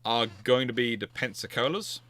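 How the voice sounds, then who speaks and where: Brisk emphatic man, bright and dry. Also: mid-range voice, no room sound. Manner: chatty, emphatic, thinks aloud with restarts. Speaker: naval history livestream host. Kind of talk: casual livestream Q&A.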